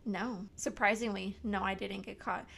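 Relaxed young woman chatting casually. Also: mid-range voice, moderate pace, gravelly. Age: young adult. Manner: relaxed, frequent agreeing fillers. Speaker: podcast co-host. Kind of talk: casual chat.

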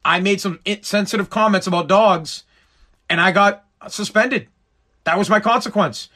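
A man with a radio background, talking in an animated, emphatic rant and swearing freely. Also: high voice, normal speed. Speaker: radio personality. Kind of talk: casual profane rant.

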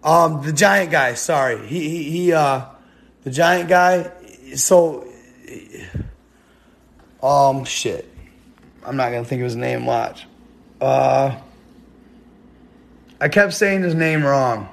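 A man's voice: medium pitch, slow pace, creaky, long pauses. A young man rambling casually to his viewers in a live stream, slangy and laughing often.

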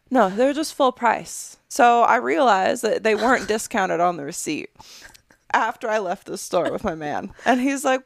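A woman's voice: a little high, moderate pace, creaky, no room sound, studio quality. A woman in her thirties co-hosting a podcast, telling stories in casual chat, laughing often and swearing freely. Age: 30s. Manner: animated storyteller, laughs and swears a lot. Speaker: podcast co-host.

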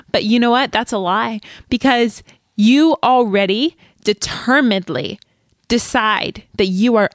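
A woman guest on a podcast, talking earnestly and quickly, speaking straight to listeners with encouragement. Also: fairly high pitch, no echo, studio quality. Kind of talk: heartfelt encouraging talk.

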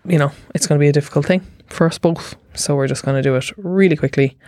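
A woman's voice: low-pitched, fast talker, mellow, no room sound. A woman with a Cork Irish accent hosting a casual chat, dry and blunt in her delivery. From Cork, Ireland. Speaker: podcast host.

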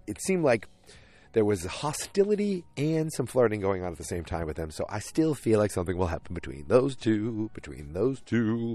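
This is a man with a somewhat low voice talking casually through a show's plot. He wanders from point to point, filling the gaps with ums and likes and doubling back on his own sentences. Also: a little mellow. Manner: rambling, many fillers and restarts. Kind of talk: casual episode recap.

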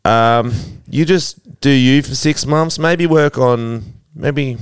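A man voicing a crude, rambling English man who leaves a voicemail full of swearing and fumbling pauses. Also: medium pitch, smooth, no room sound, studio quality, voice pushed up, natural voice. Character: crude rambling English man, a brother giving bad news. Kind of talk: improvised comic voicemail bit.

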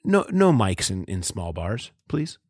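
A man's voice: sits low, big pitch swings, a little slow, a little mellow, husky, no echo. A man hosting a casual sports podcast, chatting and ranting animatedly, sometimes mimicking other people. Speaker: podcast host.

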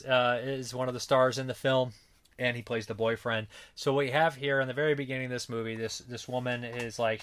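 A man's voice: medium pitch, fairly bright tone. A man giving a casual, rambling spoken movie review, swearing freely and often correcting himself mid-sentence. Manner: rambling, profane, filler-heavy; frequent self-corrections and restarts.

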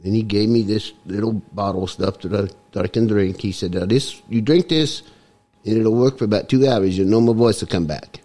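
A man's voice: lowish voice, a little fast, dark tone, close to an everyday voice. A man putting on a Cockney accent while telling a rambling tall tale with chuckles in a garage. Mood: joking.

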